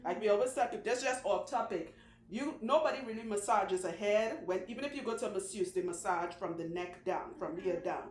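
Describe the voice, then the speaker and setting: A woman who owns a salon, telling long stories in a chatty, animated way and laughing often. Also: mid-range voice. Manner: chatty, animated, laughs often, does quick voices for people she quotes. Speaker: loctician, channel host. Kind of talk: casual storytelling talk. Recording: echoey room with faint background noise.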